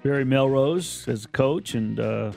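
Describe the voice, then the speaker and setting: A man's voice: medium pitch, measured pace, gravelly, darkish tone, soft background music. A man guesting on a radio show, talking eagerly in a rambling way with frequent restarts. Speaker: guest filling in. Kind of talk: casual radio chat.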